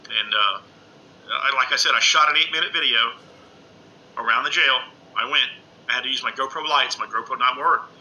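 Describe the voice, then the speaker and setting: A middle-aged man chatting casually on a live stream from home, rambling excitedly and calling everyone "man" with lots of uh's. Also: mid-range voice, normal speed, low-quality recording. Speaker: ghost-hunting live streamer. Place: indoors at home under a lamp.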